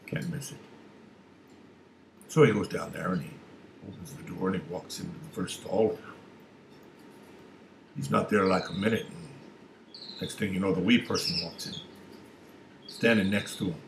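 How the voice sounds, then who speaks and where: A man casually telling a long joke, unhurried and with small restarts. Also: low-pitched, vocal fry. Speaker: joke teller. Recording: echoey room with faint noise.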